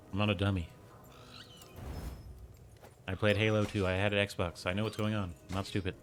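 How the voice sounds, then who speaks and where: Rambling low-voiced male streamer. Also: flat delivery, measured pace, long pauses, slight background noise. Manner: rambling, heavy use of "like", chuckles often. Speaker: game streamer. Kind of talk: casual rambling stream chat.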